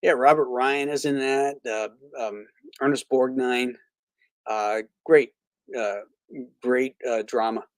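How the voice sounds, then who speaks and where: A man's voice: medium pitch, fairly even intonation, slow, dry recording. A man from Florida hosting a casual live stream, rambling with many fillers and restarts, blunt about what he dislikes. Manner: blunt and opinionated. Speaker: host of a live movie stream; reads viewer comments aloud.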